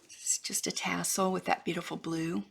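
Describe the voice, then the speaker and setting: Rambling casually as she shows off her craft supplies, a woman from Florida, USA, speaks at normal speed in a lowish voice with little pitch movement, vocal fry and a breathy edge. She's chatty, trails off and restarts, and occasionally whispers.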